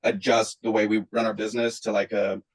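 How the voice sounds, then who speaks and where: A man on a video call speaking haltingly, with many ums and pauses. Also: lowish voice, level tone, low-quality recording. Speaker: team member on a video call. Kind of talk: casual meeting talk.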